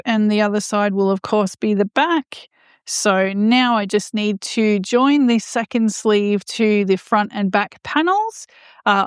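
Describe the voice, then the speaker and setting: A woman's voice: medium pitch, smooth, no room sound, clean studio sound. A woman crochet vlogger chatting casually as she explains each step of her project. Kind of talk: casual how-to narration.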